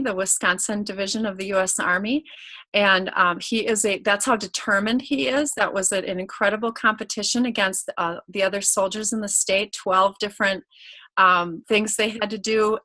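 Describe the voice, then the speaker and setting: A woman's voice: mid-range voice, bright, forceful tone, no room sound, rough recording. A middle-aged woman who is a guest in an interview, talking openly and casually about her own life as a parent. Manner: open, candid storyteller who acts out family quotes.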